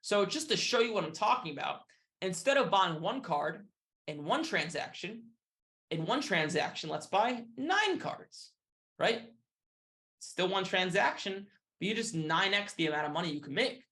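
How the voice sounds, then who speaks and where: A man giving an upbeat, hard-sell sales pitch, often tagging his lines with "right?" and "okay?". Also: expressive, moderate pace, pushed and bright. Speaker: sales presenter.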